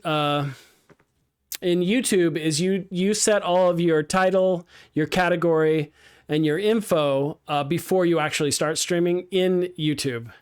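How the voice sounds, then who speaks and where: A man with a slightly high, smooth voice teaches a live class on game streaming. He walks through the software setup in a relaxed, upbeat way, with lots of ums and restarts.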